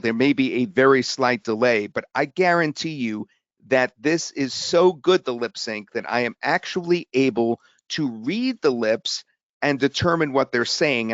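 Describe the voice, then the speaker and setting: Excitable man hosting a sales webinar. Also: medium pitch, no room sound. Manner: excitable, rambling, with restarts. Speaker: webinar host. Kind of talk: live sales webinar pitch. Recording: dull webinar audio.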